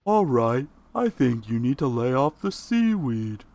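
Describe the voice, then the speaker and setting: A man's voice: medium pitch, big pitch swings, unhurried, darkish tone, dry recording. A man voicing a skeptical male crab who scoffs dismissively. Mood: scoffing.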